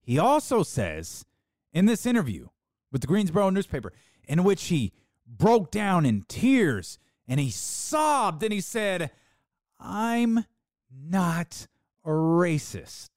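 A podcast host giving an opinionated sports talk monologue, sarcastic, with mocking put-on quotes and dramatic pauses. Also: medium pitch, huge pitch swings, a little mellow, dry recording, studio quality.

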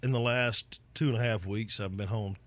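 A man's voice: fairly low pitch, steady tone, moderate pace, no room sound. A man guesting as a musician on a casual radio show in a studio. He talks in a laid-back, easygoing way. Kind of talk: casual radio interview chat.

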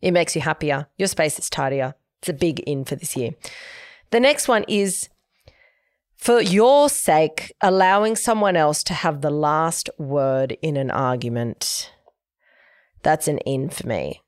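A woman's voice: low-pitched, animated, unhurried, clean tone, no room sound, clean studio sound. A young adult woman hosting a casual solo podcast, chatty and emphatic as she gives advice. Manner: chatty, emphatic, giving advice with quoted asides. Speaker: podcast host.

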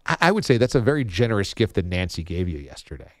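A male sports radio host needles his co-host in a dry, teasing way. His pitch moves lively between lines. The sound is close and dead, straight into a studio mic. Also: fast, no room sound.

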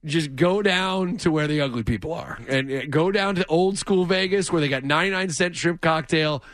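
A man co-hosting a podcast, telling animated, jokey stories in casual chat. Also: fairly high pitch, normal speed, no echo, studio quality. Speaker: podcast co-host.

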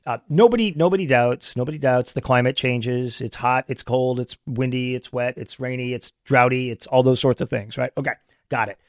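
A man giving opinionated political commentary in an animated way, with many restarts. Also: medium pitch, moderate pace, dry recording, studio quality.

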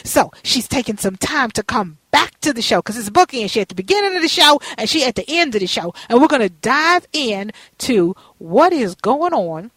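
A woman's voice: a little high, very animated, moderate pace, few pauses, a bit bright, husky, no echo. A woman hosting a casual radio talk show, sassy and chatty, calling her guests honey and girl.

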